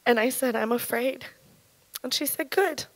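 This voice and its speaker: A woman in her thirties giving an earnest, halting personal testimony at church, her voice shaken with emotion. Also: sits high, no room sound, rough recording. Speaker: church speaker sharing testimony.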